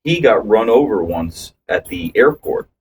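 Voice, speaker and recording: A man's voice: fairly low pitch, expressive, measured pace, recorded from a distance, slight background noise, rough recording. A man co-hosting a casual podcast, telling long rambling anecdotes with restarts and acted-out quotes. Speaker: podcast co-host. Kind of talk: casual storytelling chat.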